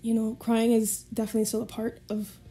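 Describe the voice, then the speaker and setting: Woman, podcast guest, casual storytelling, mellow, flat intonation, laughs often. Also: fairly high pitch, quick pace.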